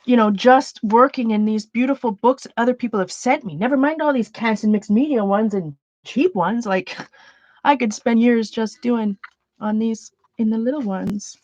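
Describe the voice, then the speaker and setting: A woman talks casually to viewers of her art livestream from her home art room. Her voice sits a little high, and she rambles, restarting sentences as she questions herself. The sound is dry and a bit dull, like modest stream audio. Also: normal speed, a little mellow, no echo.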